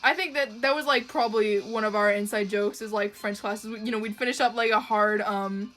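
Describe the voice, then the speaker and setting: A woman's voice: medium pitch, steady tone, fairly quick, a bit bright, faint music behind. A young woman from Canada streaming from home while she draws, chatting with her viewers in a loose, profane, rambling way with frequent laughs. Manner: chatty, profane, laughs often, trails off with ums. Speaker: livestreamer drawing and reading chat. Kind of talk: casual chat.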